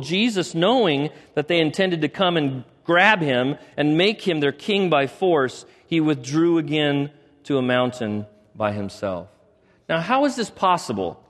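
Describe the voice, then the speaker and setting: A man preaching a sermon, retelling a story with animated delivery and acting out quoted lines. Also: fairly high pitch, moderate pace, big-room sound. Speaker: pastor.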